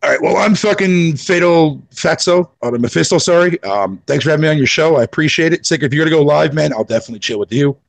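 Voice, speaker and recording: Fast, gravelly man chatting profanely. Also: on the high side, no room sound. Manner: profane, laughing, rambling. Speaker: podcast guest. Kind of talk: casual chat.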